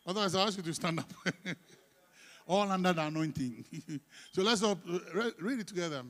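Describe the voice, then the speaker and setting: A man preaches in church, his voice sitting high for a man. He coaxes the congregation to read along, teasing them in quiet asides and then pressing hard on key words. It is a lively call-and-response sermon. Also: moderate pace. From Ghana. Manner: teasing, coaxing the congregation, swinging between soft asides and loud emphatic reading. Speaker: pastor. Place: church sanctuary.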